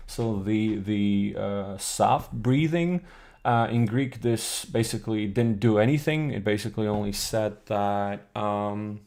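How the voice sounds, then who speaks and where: A man's voice: lowish voice, vocal fry, darkish tone. A man teaching on a live stream, thinking aloud as he goes and correcting himself mid-sentence. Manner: reads chat questions and answers them. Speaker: streamer teaching an old alphabet book. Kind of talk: live-streamed explanatory lesson.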